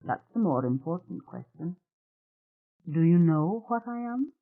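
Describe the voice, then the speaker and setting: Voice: medium pitch, big pitch swings, measured pace, creaky. A narrator voicing a very tall, strange man who talks frankly and bluntly with odd politeness, over a tinny phone-like sound.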